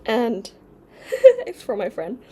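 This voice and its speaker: A woman from the United States chatting casually at home in a rambling, distracted vlog, clearing her throat now and then and slipping into an odd put-on accent. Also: a little high, wildly swooping pitch, slow, heavy background noise. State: occasional coughing and throat clearing. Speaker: vlogger.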